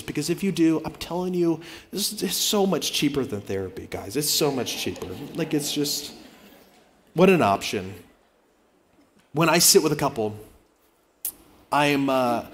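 A man preaching a sermon as a pastor, talking conversationally and swinging between loud emphasis and quiet asides. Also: mid-range voice, normal speed. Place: church auditorium.

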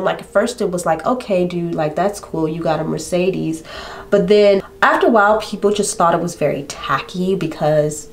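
A young woman with a low voice tells a true crime story in a casual, chatty way. She drifts into side stories and asides and keeps turning to address her viewers directly. A faint hiss sits behind her. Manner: chatty and digressive, full of asides and fillers; talks straight to viewers, addressing them directly.

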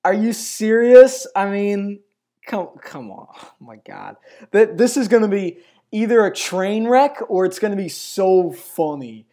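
A man's voice: high voice, sing-song, measured pace, mellow. A man hosting a reaction video, reacting with incredulous exclamations. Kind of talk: casual reaction commentary.

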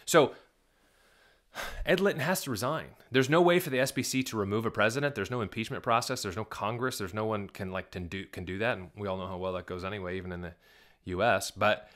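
With a medium-pitched, slightly bright voice, this male Southern Baptist pastor reacts to a video with indignant emphasis, peppering viewers with rhetorical questions.

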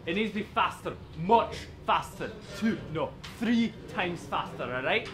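Bright pompous guy doing a bossy director bit, kinda high voice, faint hiss behind. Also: lively intonation, unhurried. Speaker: film director character. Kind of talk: comedy sketch acting.

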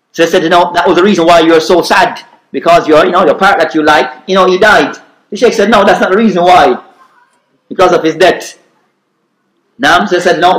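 A man's voice: fairly high pitch, fairly bright tone. A man giving an informal weekly religious lesson, telling a story with phrases and frequent "you understand". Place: mosque hall. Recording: echoey mosque room.

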